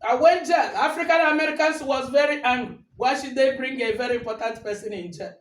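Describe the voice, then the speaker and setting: A woman from Nigeria with a Nigerian accent, delivering an angry, defiant rant, often shouting and scolding. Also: sits high, a little fast, roomy sound, poor audio.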